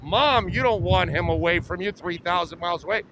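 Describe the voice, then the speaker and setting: A man's voice: high-pitched, fairly quick. A man hosting a live sports talk show outdoors, bantering and teasing his guest, speaking through a face mask in the wind. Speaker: sports radio show host. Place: outdoors outside a cigar bar in strong wind. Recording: faint wind and outdoor noise.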